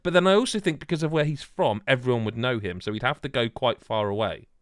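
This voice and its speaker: A man's voice: medium pitch, fast, a bit bright, no echo, studio quality. A man hosting a podcast, rambling and joking with friends, full of restarts. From Wales. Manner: rambling, jokey, many restarts. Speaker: podcast host. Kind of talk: casual banter.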